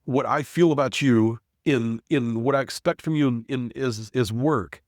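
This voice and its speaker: A man in his forties tells a story at a medium pitch, circling back with fillers and false starts. His voice sounds dry and close, with no room behind it. He talks like a business owner chatting on a podcast. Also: normal speed, a little mellow, no room sound. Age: 40s. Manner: rambling, frequent restarts and fillers. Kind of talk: casual storytelling.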